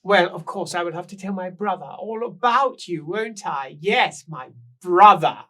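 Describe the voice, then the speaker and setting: A shrill flighty noblewoman. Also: expressive, unhurried, pushed and bright. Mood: gushing. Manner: sing-song, exclamatory, repeating words.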